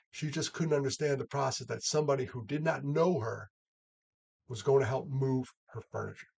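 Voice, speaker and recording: A man's voice: mid-range voice, creaky, a little mellow. A man, a mental health advocate, talking casually and earnestly to camera, rambling with frequent laughs.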